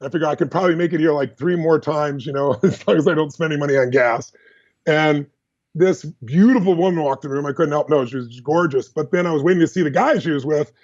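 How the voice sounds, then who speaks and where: High-pitched fast-talking man telling stories. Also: dull audio. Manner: animated, emphatic, fast-flowing anecdotes. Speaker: podcast guest. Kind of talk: energetic personal storytelling.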